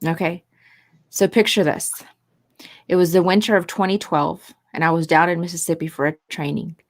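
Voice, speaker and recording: A woman co-hosting a casual chat, telling a story in an animated way and acting out the people in it. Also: normal speed. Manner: animated, swings pitch when quoting people. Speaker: podcast co-host.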